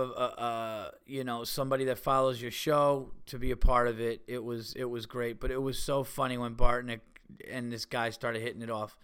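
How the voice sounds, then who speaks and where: A man's voice: mid-range voice, clean tone. A man from New York hosting a podcast, telling a story casually and acting out the voices of people in it. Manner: animated, acts out voices in quotes. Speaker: podcast host.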